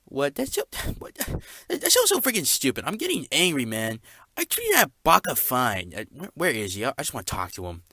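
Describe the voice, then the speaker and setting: A young man voicing a loud, boastful male dragon who owns a lair and a channel, shouty and quick to anger, in a comedy skit. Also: lowish voice, big pitch swings, dry recording, clean studio sound, heavily acted. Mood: whiny angry.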